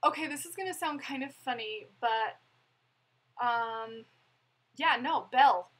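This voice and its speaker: Husky-voiced young woman rambling on a live stream, kinda high, laughs a lot. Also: measured pace, a bit bright, poor audio. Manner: chatty and rambling, with frequent laughs and fillers. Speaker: vlogger answering live chat. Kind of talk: casual live-stream chat.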